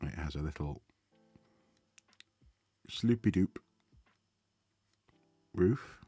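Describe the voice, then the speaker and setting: A man chatting casually to viewers as he draws on a live stream, relaxed and thinking aloud, often trailing off mid-sentence. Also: very deep voice, very slow, husky, no room sound, faint music behind. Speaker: art streamer. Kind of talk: casual chat while drawing live.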